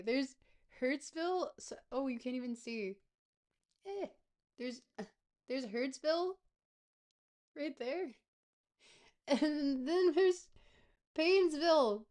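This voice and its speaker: A woman with a slightly high voice talks through a game in a relaxed, unhurried way. Her commentary is casual and playful. She thinks out loud as she plays. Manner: playful, thinks aloud, chatty. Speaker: streamer.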